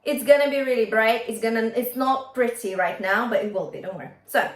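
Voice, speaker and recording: A woman's voice: a little high, a little fast, reverberant. A woman vocal coach teaching a singing lesson, upbeat and encouraging, often checking in with her students.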